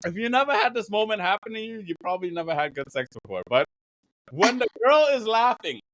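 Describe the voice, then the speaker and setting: A man's voice: high voice, animated, brisk, a bit bright, low-quality recording. A man on a podcast, telling rambling, raunchy stories in casual chat and laughing often mid-sentence. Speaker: podcast host.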